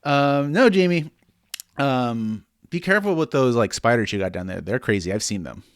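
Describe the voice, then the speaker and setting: A man's voice: mid-range voice, animated, moderate pace, clear, resonant tone, no echo. Podcast co-host, male, playful and profane, close dry mic. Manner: joking, swearing, reads listener messages aloud. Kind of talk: casual book-club chat.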